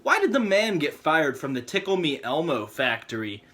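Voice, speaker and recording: A man telling quick one-liner jokes and puns in a comedy video, often laughing at his own jokes. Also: on the high side, sing-song, sharp tone. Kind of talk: joke-telling compilation.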